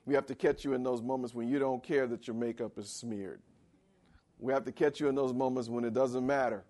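A man preaching a sermon in a conversational style, asking for amens and swinging between loud and quiet. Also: steady tone, brisk. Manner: dramatic swings in pitch and volume. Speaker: pastor.

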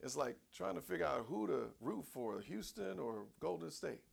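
A man preaching a sermon in a folksy, conversational way, swinging between low asides and shouted cries. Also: lively intonation, normal speed, gravelly, few pauses, husky. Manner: folksy, conversational, acts out voices. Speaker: pastor.

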